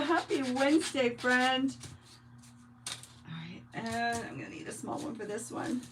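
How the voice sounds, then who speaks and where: A woman from New York hosts a relaxed craft livestream, chatting and greeting viewers by name as she works. Her voice sits a little high and she takes her time with every phrase. A faint hiss runs under the recording. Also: unhurried, long pauses. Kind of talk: casual live-stream chat while crafting.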